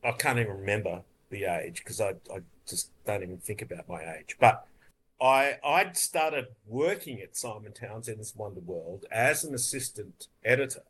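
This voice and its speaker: A man's voice: fairly low pitch, expressive, normal speed, fairly bright tone, slightly rough. A man, a film editor telling rambling, laughing stories in an interview and swearing freely. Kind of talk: casual interview storytelling.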